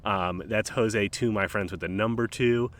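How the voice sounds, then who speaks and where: A man's voice: lowish voice, fairly even intonation, normal speed, fairly bright tone, a little hiss or hum. Laid-back man rambling outdoors by the water. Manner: laid-back, rambling, frequent ums and uhs. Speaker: podcast host. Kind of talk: casual solo nature podcast. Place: outdoors by a calm waterside in a park.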